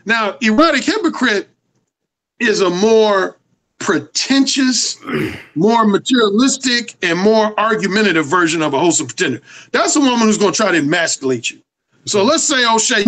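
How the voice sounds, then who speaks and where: High-voiced man, emphatic and profane. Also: lively intonation, brisk, a bit bright, low-quality recording. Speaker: dating coach and interview guest. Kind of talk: casual interview.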